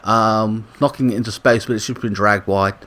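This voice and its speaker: A man giving casual play-by-play commentary on a football video game, with excited bursts on attacks and chatty self-corrections. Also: fairly low pitch, a little fast. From Britain. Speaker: gaming YouTuber commentating a football sim.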